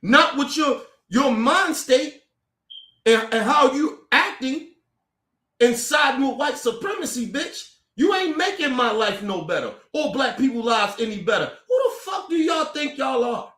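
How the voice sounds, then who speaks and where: A man with a strikingly high voice rants angrily to the camera, profane and confrontational, tripping over and repeating his own words. The sound bounces around an echoey room. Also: sing-song, unhurried, pushed and bright. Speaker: commentator. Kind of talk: angry profane rant to camera.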